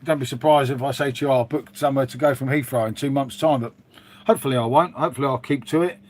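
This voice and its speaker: A man's voice: mid-range voice, fairly even intonation, quick pace, a little mellow. A man hosting a casual live stream, chatting to viewers in a rambling, matey way with the odd swear word. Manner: chatty, rambling, says "mate" constantly, mild swearing.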